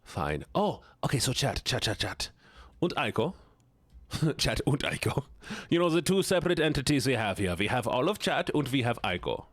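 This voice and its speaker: A man chatting casually with his live-stream audience while playing a game, joking, playful and quick to laugh. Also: medium pitch, sing-song, a bit bright, dry recording. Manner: playful and joking, laughs often, teases chat.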